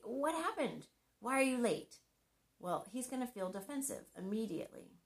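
Woman giving an earnest devotional talk. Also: fairly low pitch. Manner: earnest and conversational, with gentle humor. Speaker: Christian marriage speaker.

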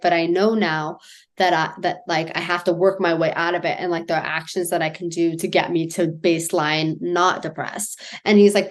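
Candid woman co-hosting a podcast. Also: lowish voice. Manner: candid, self-deprecating, laughs often. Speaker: podcast co-host. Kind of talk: casual podcast chat.

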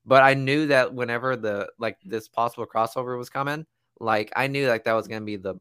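A man's voice: mid-range voice, a little fast, clear, resonant tone, no echo, studio quality. A young man co-hosting a casual movie review podcast, rambling with many fillers. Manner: rambling, lots of fillers, animated. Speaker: podcast co-host.

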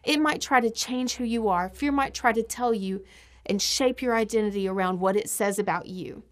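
A woman preaching a sermon with passion, her voice surging to emphatic peaks and then dropping to hushed asides. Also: a little high, normal speed.

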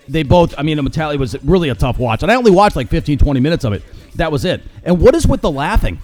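Fast-talking sarcastic male podcast host. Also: on the high side, big pitch swings, a little mellow, soft background music. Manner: sarcastic, mocking, ranting. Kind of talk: opinionated solo commentary.

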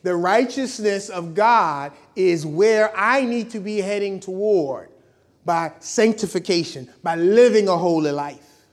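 A man preaching a sermon, lively and conversational, acting out quoted voices as he explains scripture. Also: sits high, unhurried. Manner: animated, acts out quoted voices.

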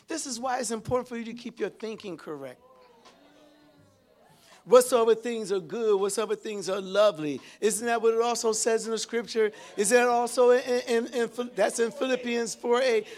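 A pastor in his sixties, with a high-pitched voice, preaches a sermon. He exclaims and calls out to his congregation with sudden shouts.

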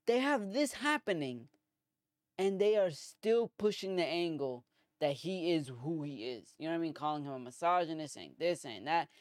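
A man's voice: fairly high pitch, expressive, normal speed, dry recording, studio quality. A man from the US hosting a podcast, ranting casually with heavy profanity and lots of filler words. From United States. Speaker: podcast host. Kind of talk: casual commentary monologue.

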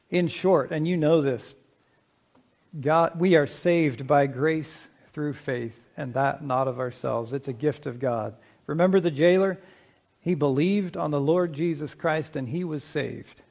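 A middle-aged man preaching a sermon as pastor, speaking in a measured, conversational way, slowing down to stress key points and asking the congregation questions. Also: a little high, a little mellow.

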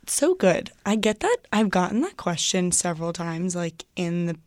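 A woman's voice: lowish voice, big pitch swings, moderate pace, a little mellow, no room sound, clean studio sound. A young woman student, a guest on a casual podcast, rambling and saying "like" a lot. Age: young adult. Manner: rambling, heavy use of "like".

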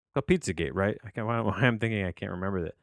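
A man's voice: fairly low pitch, rapid-fire, gravelly, no echo, clean studio sound. A man hosting a solo podcast, rambling and digressing as he reviews a movie, often restarting his sentences and swearing casually. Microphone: close to the mic.

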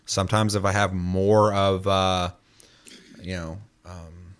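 Man, casual chat, slightly low voice, rambling, profane, filler-heavy. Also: flat delivery. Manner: mimics people in quick asides.

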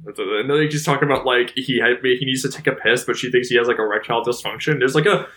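Fast, bright-voiced man rambling with "like". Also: medium pitch, slight background noise. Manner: rambling, fills speech with "like". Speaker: podcast co-host. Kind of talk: casual movie-review chat.

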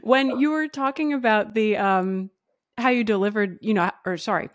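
A woman's voice: medium pitch, normal speed, no echo, studio quality. A woman hosting a podcast interview, chatty, asking long questions full of fillers. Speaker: podcast host.

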